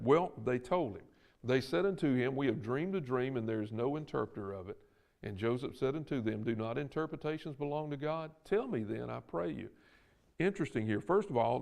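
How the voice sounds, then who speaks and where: Gravelly Southern man teaching Bible class. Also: medium pitch, darkish tone. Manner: folksy, plainspoken, acts out quoted lines. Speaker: Sunday school teacher. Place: church classroom.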